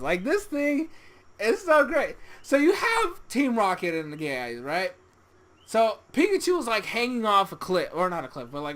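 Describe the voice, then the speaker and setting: A young adult reviewing an anime episode in casual solo commentary, excitable, swearing often and laughing a lot. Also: medium pitch.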